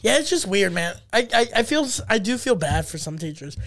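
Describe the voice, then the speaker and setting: A man co-hosting a casual podcast chat, telling animated stories, acting out other people's voices and swearing freely. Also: sits high, a little fast, creaky. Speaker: podcast co-host.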